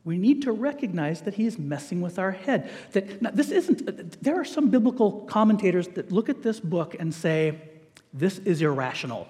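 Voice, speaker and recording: A middle-aged man preaching a sermon in a lively, joking way, with playful asides to his listeners. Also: sits high, normal speed, few pauses, in a large hall.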